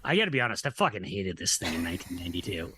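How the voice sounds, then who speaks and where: A man's voice: low-pitched, sing-song, rapid-fire, bright, forceful tone, a little hiss or hum. A man guesting on a podcast, talking casually about films in a rambling, hesitant way with many fillers. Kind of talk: casual film chat.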